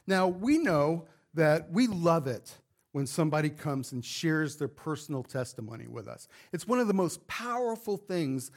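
High-voiced preaching man. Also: big pitch swings, normal speed. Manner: fervent preaching, building to emphatic rhetorical questions. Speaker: pastor. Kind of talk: sermon. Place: church sanctuary with congregation.

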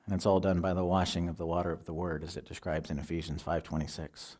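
Middle-aged male pastor, mellow and low-pitched; measured, earnest sermon delivery. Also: level tone. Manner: earnest, measured teaching with scripture quotes. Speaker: preacher.

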